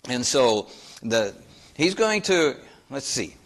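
Middle-aged guy from north dakota preaching, folksy and chatty, ordinary mid-pitched voice, gets emphatic with his questions. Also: sing-song, slow pace, fairly bright tone. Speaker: pastor. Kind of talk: sermon.

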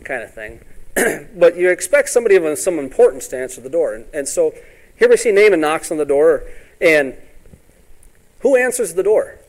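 Man, sermon, folksy storytelling preacher, slightly high voice. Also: very animated, darkish tone. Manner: folksy, acts out Bible scenes in quick voices; ends points with "all right?".

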